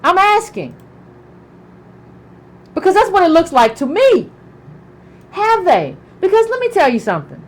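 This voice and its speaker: Woman ranting about politics, high pitched, repeats herself a lot. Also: big pitch swings, unhurried, long pauses, poor audio. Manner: emphatic, repeats herself, asks pointed questions. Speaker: political commentator. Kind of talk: political commentary.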